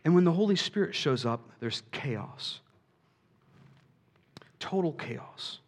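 A man preaching a sermon, animated, swinging from quiet asides to shouts and acting out quoted voices. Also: fairly high pitch, slow pace. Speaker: pastor.

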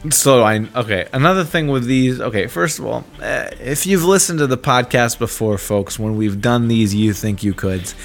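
A man's voice: medium pitch, normal speed, vocal fry, hardly any pauses, soft background music. A man co-hosting a podcast, talking casually and joking, with hesitant, restarting phrasing. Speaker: podcast co-host.

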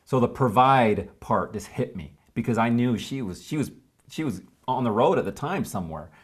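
Earnest man telling his story haltingly. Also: medium pitch, animated, husky. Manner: earnest, halting, with many restarts and "you know". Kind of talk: candid storytelling conversation.

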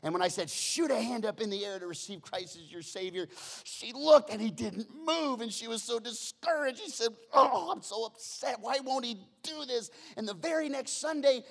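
A male pastor delivering a sermon in a fairly high voice. He tells stories with animated energy, falling quiet for tender moments and rising loud at the high points, often repeating words as he gets going. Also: moderate pace. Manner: animated storytelling, acting out quoted voices, swings from hushed to loud; repeats words when starting phrases.

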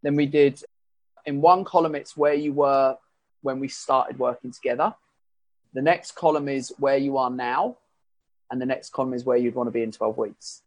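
A fitness coach describes his coaching method in casual, rambling talk, correcting himself as he goes. He has a medium-pitched voice with fairly even intonation and a moderate pace, and the recording has no room sound.

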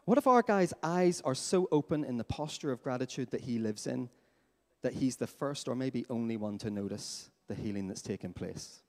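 A man preaching a sermon as pastor in a church, lively and questioning his congregation. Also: mid-range voice, moderate pace. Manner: animated, asks the congregation questions. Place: church hall. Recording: long hall reverb.

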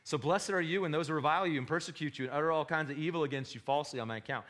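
A man's voice: fairly high pitch, very fast. Impassioned preacher man. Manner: impassioned, swings between loud and hushed; rhetorical questions to the congregation. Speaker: pastor. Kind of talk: sermon.

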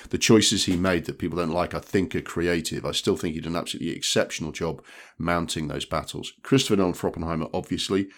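Deep-voiced man in blunt film chat. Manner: blunt, swears, many restarts. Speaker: podcast co-host.

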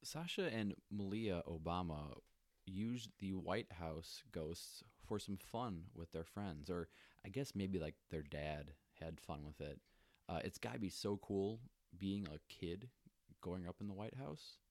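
A man with a very low, deep voice chatting casually as a podcast co-host. He is laid-back and jokey, peppering his speech with "like." The sound is dry and close-miked. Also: unhurried, darkish tone, dry recording. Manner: laid-back, lots of "like" fillers, joking asides. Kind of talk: casual chat.

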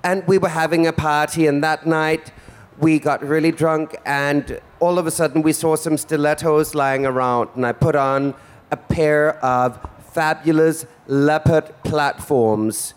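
A man's voice: fairly high pitch, steady tone, a little slow, smooth. A man performing in drag as host of a stage comedy show, flamboyant and teasing in a theatrical way. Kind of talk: campy stage stand-up. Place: stage before a live audience.

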